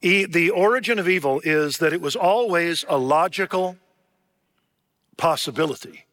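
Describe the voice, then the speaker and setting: A man preaching a sermon as pastor, asking his listeners questions and slowing down to stress key words. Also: fairly high pitch, lively intonation, fairly bright tone, long reverb tail. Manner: rhetorical questions, slows for emphasis.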